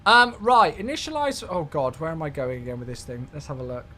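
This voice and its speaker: British man, thirties, live streamer, casual chat, excitable, high voice, lively swings. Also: brisk. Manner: excitable, effusive when thanking viewers.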